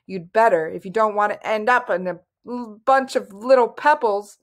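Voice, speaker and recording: A woman's voice: mid-range voice, moderate pace, lightly acted. A woman voicing a timid young princess who is frightened but finds her courage. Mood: anxious.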